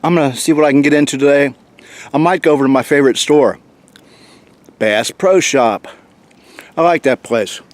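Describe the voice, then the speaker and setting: An outdoor vlogger with a mid-range voice chats easygoingly to the camera at a moderate pace with long pauses in a casual solo vlog. He is relaxed and chatty, filming by a creek in winter woods with a handheld camcorder's mic.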